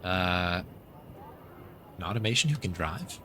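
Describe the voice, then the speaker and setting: A man's voice: sits low, animated, measured pace, pushed and bright, a little hiss or hum. An American man streaming a story game, reading its narration aloud with casual, chatty asides and thanking viewers.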